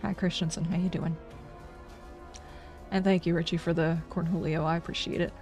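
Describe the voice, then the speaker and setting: A woman's voice: on the low side, level tone, normal speed, darkish tone, faint music behind. A woman game streamer chatting casually on a livestream, ranting in exasperation with sarcastic asides.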